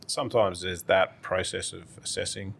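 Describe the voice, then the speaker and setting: A man, a guest accountant speaking in a measured, reflective way as he gives advice in casual conversation. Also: sits low, fairly even intonation, creaky, fairly bright tone, slight background noise.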